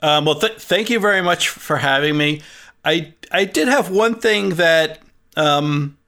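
A man's voice: fairly high pitch, animated, measured pace, bright, forceful tone. A man speaking as a guest on a podcast in casual chat, hesitant with many restarts.

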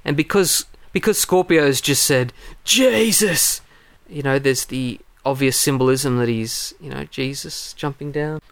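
A man's voice: mid-range voice, moderate pace, hardly any pauses, heavy background noise. A man co-hosting a casual film podcast, sharing trivia with a wry touch. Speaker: podcast co-host.

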